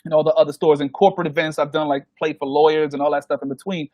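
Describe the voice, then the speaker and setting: High-pitched guy, dj guest on a podcast, animated storytelling, acting out what everyone said, dry close sound. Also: rapid-fire, no room sound. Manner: animated, acts out the people he quotes. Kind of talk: casual storytelling. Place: podcast recording.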